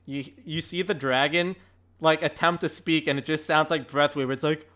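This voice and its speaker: A man's voice: fairly high pitch, fairly even intonation, normal speed, a bit bright. A man playing a tabletop game, describing his actions in a giggly, joking way. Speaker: player. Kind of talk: casual tabletop game chat.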